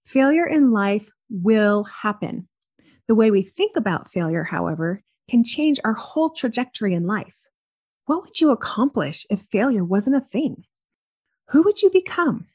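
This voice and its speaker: A woman's voice: fairly high pitch, big pitch swings, moderate pace, darkish tone, husky, no room sound, clean studio sound. A woman hosting a solo motivational podcast, talking to her listeners in an encouraging way and asking them many questions. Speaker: podcast host.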